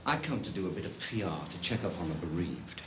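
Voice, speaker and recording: A man's voice: low voice, very animated, fast talker. An actor playing a sarcastic male senior police officer who scolds a colleague for breaking the rules. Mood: scolding. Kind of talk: TV police drama acting. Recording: echoey room with background noise.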